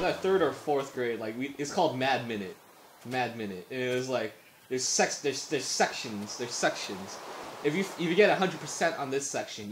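A young man chatting casually while gaming, rambling through stories, swearing a lot and laughing often. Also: mid-range voice. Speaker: gamer. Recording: echoey room with noise.

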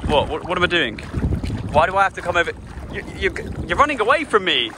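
A man's voice: high-pitched, big pitch swings, fast talker. A man talking to the camera on a travel vlog, playful and joking. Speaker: travel vlogger. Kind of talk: casual vlog narration. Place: outdoors on a beach and street. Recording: outdoor noise around the camera mic.

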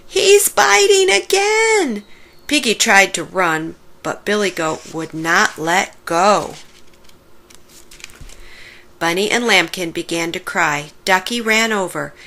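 A woman reading a children's picture book aloud, slowly and expressively. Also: on the low side. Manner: slow, warm-paced expressive reading. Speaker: storybook reader. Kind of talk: children's story read-aloud.

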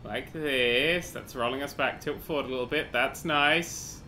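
A man giving excitable, sarcastic gameplay commentary, swearing freely as he flies. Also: mid-range voice, measured pace, a little hiss or hum. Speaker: gaming video host.

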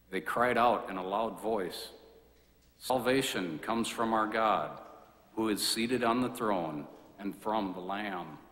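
A man serving as lector, reading scripture aloud at Mass in a measured, deliberate way. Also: lowish voice, fairly bright tone. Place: large church. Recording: echoey church with long reverb.

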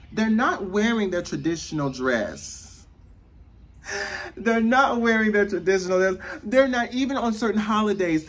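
A man with an American accent delivering a profane, sassy rant to camera, slipping into mocking voices. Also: high voice. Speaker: vlogger. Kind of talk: ranting monologue.

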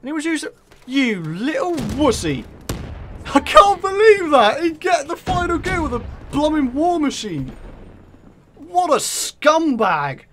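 A British man talks his viewers through a match as he plays, excitable and quick to taunt his opponents. His voice sits high and swings widely in pitch. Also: background noise. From Britain. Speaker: gaming video creator. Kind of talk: live gameplay commentary.

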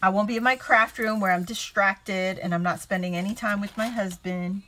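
A woman's voice: mid-range voice, steady tone, normal speed, pushed and bright, slight background noise. A woman hosting a casual crafting livestream from home, chatting, laughing often and greeting viewers by name.

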